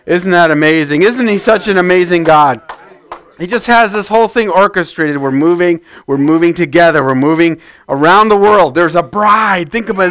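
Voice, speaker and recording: A man preaching a sermon in church, praying fervently and then teaching more softly, with bursts of shouting. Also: sits high, animated, brisk, clear, resonant tone, no room sound. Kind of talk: sermon with prayer.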